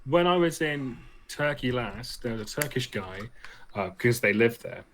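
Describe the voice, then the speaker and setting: A man's voice: mid-range voice, animated, normal speed, a crowd in the background. Joking man in casual chat. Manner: dry jokes, swearing. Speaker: podcast co-host.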